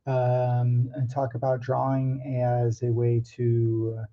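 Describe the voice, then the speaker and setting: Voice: medium pitch, completely flat delivery, takes it slowly, dull audio. An artist talking casually to camera about drawing, hesitant and nervous, with many ums and restarts and some self-mocking asides.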